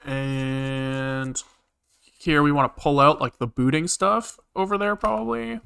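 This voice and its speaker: A man's voice: fairly high pitch, slow pace, creaky, pushed and bright, smooth. A man streaming live coding, rambling casually with lots of fillers and the odd swear as he thinks aloud. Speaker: programming streamer.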